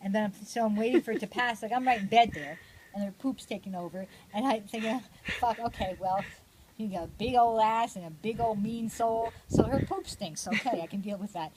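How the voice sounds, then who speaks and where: A woman's voice: a little high, fairly quick. An older woman telling a rambling, profane story in casual chat, laughing often. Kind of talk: casual anecdote. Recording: noisy home recording.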